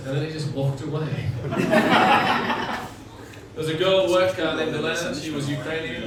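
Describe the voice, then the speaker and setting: High-voiced male comic with a deadpan delivery. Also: moderate pace, pauses often. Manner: deadpan joke delivery, chatting with the front row. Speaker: stand-up comedian. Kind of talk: stand-up set. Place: comedy bar venue, indoors. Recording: echoey, distant, noisy room recording.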